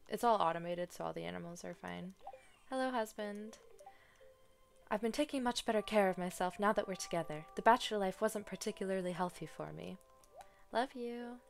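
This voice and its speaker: A woman's voice: medium pitch, creaky. Chatty woman playing a farming game. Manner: chatty, excitable, dramatic groans. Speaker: gaming streamer. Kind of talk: casual gameplay commentary. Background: soft game music.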